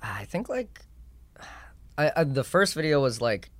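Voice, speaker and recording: Young male guest in his twenties, halting and filler-heavy, dry close mic. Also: on the high side, big pitch swings, dry recording. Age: 20s. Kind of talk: casual podcast chat.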